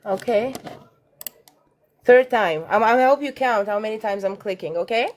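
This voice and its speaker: Russian-accented woman, stream guest, argumentative, halting reader. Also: fairly high pitch. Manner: argumentative, reads articles aloud haltingly. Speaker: guest debating the host. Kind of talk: live-stream debate.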